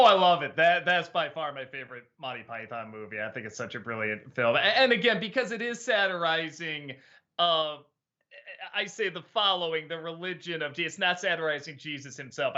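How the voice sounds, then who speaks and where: A man's voice: fairly high pitch, lively intonation, moderate pace, pushed and bright, highs cut off. A man hosting a casual livestream chat who reacts to viewer questions, laughs often and stammers on restarts. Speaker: show host answering chat questions.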